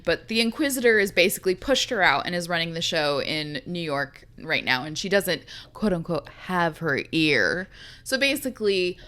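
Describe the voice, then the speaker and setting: A woman with a lowish, fairly bright voice co-hosts a podcast. The chat is casual, and she laughs often and swears freely.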